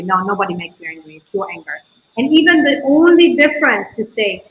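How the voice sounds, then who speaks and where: Bright, emphatic woman guest. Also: a little high, expressive, a little fast, roomy sound, poor audio. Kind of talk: casual conversation.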